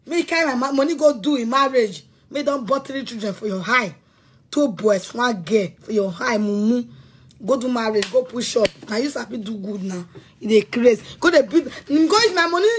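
A woman's voice: on the high side, breathy edge. A woman with a Nigerian accent delivering a heated, threatening rant, repeating herself often. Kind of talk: angry rant to camera.

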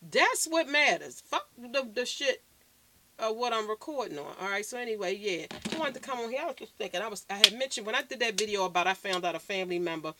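A woman's voice: medium pitch, expressive, fast talker, noisy background. A woman vlogger ranting bluntly and profanely to camera, recorded on her phone. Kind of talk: unscripted rant to camera.

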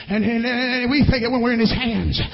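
A man preaching a holiness sermon, fervent and often shouting. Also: very high-pitched, steady tone, brisk, vocal fry, long reverb tail, highs cut off.

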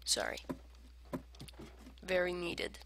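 Slow, rambling woman gamer in noisy recording. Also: fairly low pitch, wildly swooping pitch, gravelly. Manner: rambling, silly self-talk, argues with herself; jumps between whispered asides and loud outbursts. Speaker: gamer playing online survival matches. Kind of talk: casual gameplay commentary. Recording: noisy home recording with clicks.

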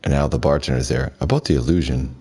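Very deep-voiced man reading a game aloud. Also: fast, soft background music. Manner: reads the subtitles aloud flatly, with asides. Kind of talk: casual live-stream narration of a game.

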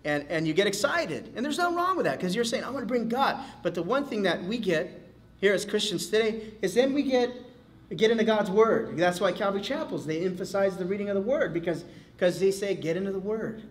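Man, pastor, bible study teaching, lively and casual, fairly high voice. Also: a little fast. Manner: animated, casual, acts out quotes, many fillers.

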